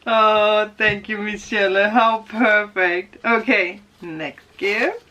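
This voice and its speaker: Giggly bright-voiced woman unboxing gifts. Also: medium pitch, steady tone, slow pace, lo-fi sound. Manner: giggly, gushing, laughs often. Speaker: tarot vlogger. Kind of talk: casual unboxing vlog.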